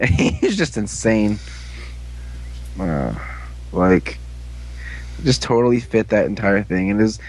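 A man in a casual chat, rambling and halting, restarting his sentences and laughing often. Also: lowish voice, animated, a little mellow. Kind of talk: casual chat about a TV show.

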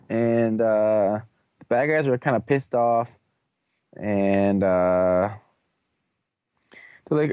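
A man's voice: mid-range voice, moderate pace, darkish tone, no echo. A young man casually recapping a TV episode, rambling and playful, full of slangy asides and goofy quoted voices.

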